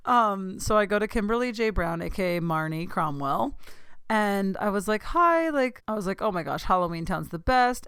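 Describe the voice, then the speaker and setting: A young woman hosting a podcast, telling a long excited story in casual chat, gushing and saying "like" a lot. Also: fairly low pitch, clear, resonant tone, no echo, studio quality. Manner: gushing, excitable, says "like" often. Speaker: podcast host.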